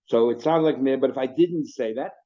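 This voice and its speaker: A man's voice: medium pitch, fairly quick, mellow, muffled recording. A rabbi explaining a Talmud passage to his class, mixing Hebrew and Aramaic terms and asking rhetorical questions. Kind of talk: Daf Yomi Talmud class.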